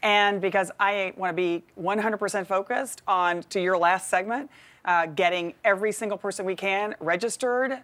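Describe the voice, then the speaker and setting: A woman's voice: mid-range voice, moderate pace, a bit bright. A woman with a Texas accent, a guest on a talk show, answering questions confidently and upbeat. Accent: Texan. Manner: upbeat, confident, with light laughs. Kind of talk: interview answers.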